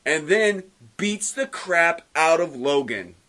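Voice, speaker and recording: Male co-host, slightly high voice, lively storyteller who acts out the lines. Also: slow pace. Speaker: comic book podcast co-host. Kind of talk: casual chat.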